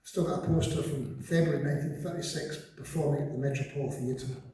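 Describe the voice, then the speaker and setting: A man's voice: on the high side, steady tone, fast talker, warm tone, slight background noise. A man in his seventies from Scotland, telling wry, self-mocking stories onstage between songs. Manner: dry, self-mocking humor. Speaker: singer-songwriter on stage. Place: large concert hall. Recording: echoey concert hall from a distant mic.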